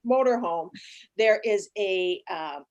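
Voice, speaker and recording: A woman in her late fifties casually telling a travel story, animated, acting out the voices of the people in it. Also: medium pitch, takes it slowly, dull audio. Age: 50s. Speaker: guest.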